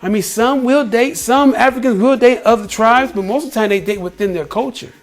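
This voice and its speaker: A man's voice: very high-pitched, fairly quick. An American man in a casual vlog, talking emphatically to the listener, often repeating himself and calling them "bro". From United States. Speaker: vlogger. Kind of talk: casual opinion talk to camera.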